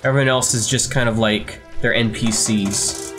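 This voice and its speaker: A man's voice: mid-range voice, steady tone, normal speed. A young man giving teasing, sardonic commentary on a game with dry asides. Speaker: let's play co-host. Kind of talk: casual gameplay commentary. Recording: faint game music behind.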